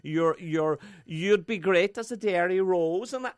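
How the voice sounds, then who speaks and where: A woman's voice: fairly low pitch, measured pace. A woman with a Northern Irish accent chatting and protesting playfully in a radio studio. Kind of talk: comic radio chat.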